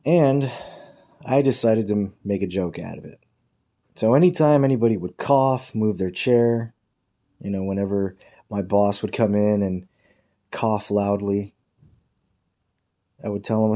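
A man's voice: on the low side, unhurried, long pauses, mellow. A man telling a rambling, profane workplace story in a casual way, quoting his coworkers in mocking voices. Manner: profane, rambling anecdote with quoted dialogue.

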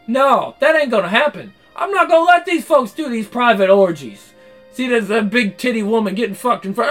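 Bright-voiced ranting, swearing man. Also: extremely high pitch, animated, moderate pace, faint music behind. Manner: loud, mocking, swearing constantly; shouts in bursts. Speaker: commentator reacting to a narrated clip. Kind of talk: profane comedic rant.

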